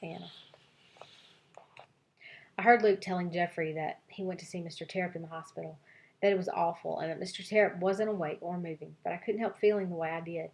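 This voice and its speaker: A woman teacher giving an expressive read-aloud of a children's novel for her class, voicing several child narrators. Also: on the low side, fairly quick, vocal fry.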